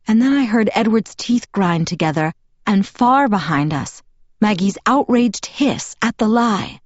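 A woman reading a novel aloud in first person as an audiobook narrator, in a measured, even storytelling manner. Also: medium pitch, no room sound, highs cut off.

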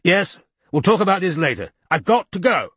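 A man voicing a gruff, bad-tempered older male politician who barks and growls curt remarks. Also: medium pitch, expressive, a little fast, a bit bright, no echo.

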